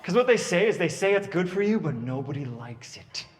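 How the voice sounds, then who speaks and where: A man in his thirties doing stand-up comedy at a birthday party, telling stories about his kids with lively, animated delivery. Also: sits high, a little fast, in a large hall. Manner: animated storytelling, puts on kids' voices.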